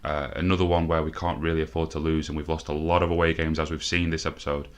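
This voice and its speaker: A man's voice: extremely low pitch, flat delivery, quick pace, clean tone. A man commentating his own football management game, frustrated, swearing and thinking aloud. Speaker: gaming video host. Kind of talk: let's play commentary.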